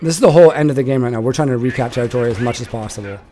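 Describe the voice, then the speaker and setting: A young man shoutcasting a strategy game he played in, casual and animated, swearing and laughing. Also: medium pitch, racing, faint music behind.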